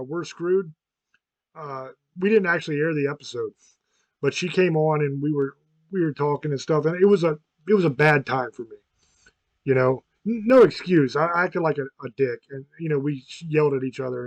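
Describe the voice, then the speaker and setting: A podcast host in his fifties, with a fairly high pitch and a darkish tone, chats casually in a frank, rambling and profane way, often restarting his sentences. There is no echo on the recording.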